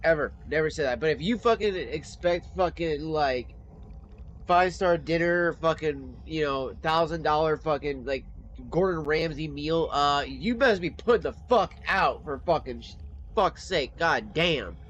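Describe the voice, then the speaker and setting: Man, streamer, casual chat, fairly high voice, blunt and profane, slightly muffled mic. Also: unhurried, slight background noise. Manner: blunt, profane, animated storytelling. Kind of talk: casual chat while gaming.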